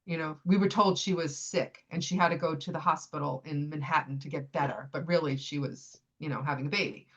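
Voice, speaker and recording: A woman's voice: low voice, a little fast, few pauses, slightly rough, muffled recording. A woman in her fifties, a podcast guest from the United States, telling a personal story in casual conversation. She tells it with energy and acts out the lines of the people in it. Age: 50s. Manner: animated retelling, acts out what others said.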